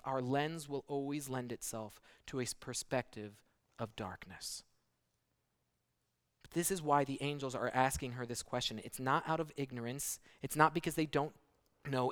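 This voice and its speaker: A man preaching a sermon, dramatic and full of rhetorical questions, moving from hushed lines to loud, emphatic peaks. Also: fairly high pitch.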